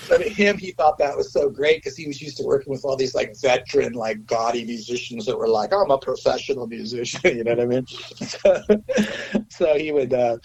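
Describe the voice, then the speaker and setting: A middle-aged man, a guest musician, telling anecdotes in an interview, animated, swearing freely and acting out quotes in a raised voice. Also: medium pitch, normal speed, a little hiss or hum, low-quality recording.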